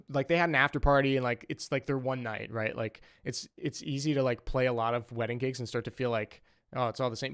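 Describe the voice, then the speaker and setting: Clean and mid-range, the voice belongs to a young man who streams as a saxophonist. His casual livestream chatter rambles along, full of "um" and "like."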